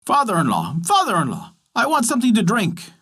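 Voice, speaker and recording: A man's voice: sits high, huge pitch swings, a little fast, fairly bright tone, husky, pitched above the performer's own voice, full character voice. Man voicing a whiny demanding frog. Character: demanding ugly male frog, croaking.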